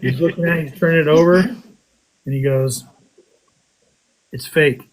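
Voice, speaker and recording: A man casually telling a story on a podcast, animated, with his voice jumping up high when he quotes himself. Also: brisk, rough recording. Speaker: podcast guest telling a metal detecting story.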